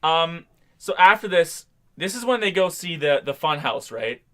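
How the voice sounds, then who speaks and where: Young male co-host, bright timbre, loose and profane, chuckles a lot. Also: fairly high pitch, very animated, moderate pace. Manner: loose and profane, laughs often. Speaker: podcast co-host. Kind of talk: casual chat recapping a movie.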